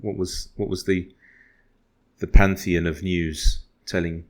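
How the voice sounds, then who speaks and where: Deep-voiced male podcast co-host, rambling, self-deprecating storyteller. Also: little pitch movement, takes it slowly. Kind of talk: casual football podcast chat.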